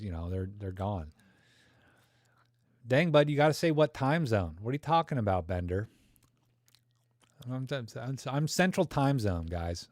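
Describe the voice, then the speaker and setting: A man's voice: fairly low pitch, darkish tone, no echo, studio quality. A man hosting a live camera Q&A, chatting in a rambling, enthusiastic, slangy way. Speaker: livestream host. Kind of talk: casual live Q&A chat.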